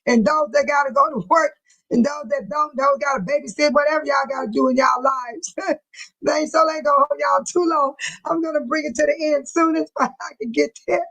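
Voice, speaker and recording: A woman's voice: high voice, steady tone, moderate pace, fairly bright tone, low-quality recording. A woman hosting a live chat, reading viewer comments aloud and often breaking into laughter, speaking in a folksy, churchy way. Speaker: livestream host.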